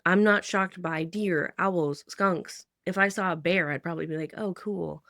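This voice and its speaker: A woman's voice: on the low side, moderate pace, fairly bright tone, no room sound, clean studio sound. A woman in her thirties telling a personal story to camera in a chatty way, full of "like", restarts and sighs. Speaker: vlogger.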